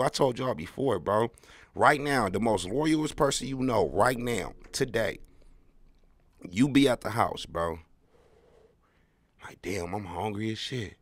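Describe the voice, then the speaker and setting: A man's voice: medium pitch, no room sound, studio quality. A man hosting his own podcast, talking in a slangy, rambling solo monologue with wry, emphatic storytelling. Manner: slangy, rambling, keeps tagging "bro". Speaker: podcast host.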